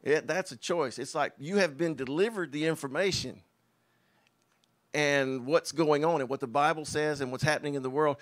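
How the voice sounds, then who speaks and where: A man's voice: on the high side, normal speed, a bit bright. A man preaching a sermon, in an emphatic, conversational way with scoffing asides. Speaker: pastor.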